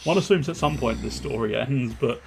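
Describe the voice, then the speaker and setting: A man's voice: medium pitch, fairly quick, a little hiss or hum. A man giving casual, joking commentary over a game, often laughing and reading the dialogue aloud. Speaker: game let's-play commentator. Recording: game music behind.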